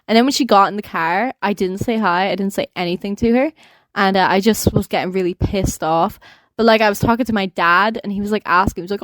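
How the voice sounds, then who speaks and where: A young woman hosts a casual podcast, spinning a story with plenty of swearing and laughter. Her voice sits at a middling pitch, and the sound is close and dry, with no room around it. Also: brisk, no room sound. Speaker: podcast host.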